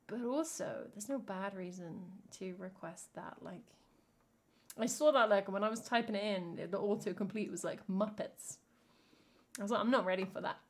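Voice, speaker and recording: A woman's voice: mid-range voice, normal speed. A woman with an English accent, a singer-songwriter chatting casually with her live stream audience in a dry, self-mocking way. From England. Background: ukulele playing.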